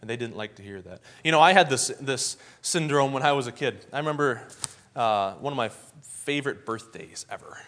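A man's voice: medium pitch, lively intonation, fairly quick, fairly bright tone. A man preaching a sermon in a folksy storytelling way, acting out the scenes he describes.

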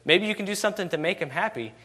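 Man, preacher, sermon, forceful bright tone, repetitive rhetorical questions. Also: sits high, animated, rapid-fire, husky. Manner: repetitive rhetorical questions, constant "you know".

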